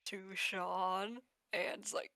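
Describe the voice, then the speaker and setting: A woman's voice: mid-range voice, fairly even intonation, takes it slowly, gravelly, sharp tone, no room sound. Woman player, rambling, filler-heavy, close dry sound. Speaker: tabletop game player. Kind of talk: casual play chat.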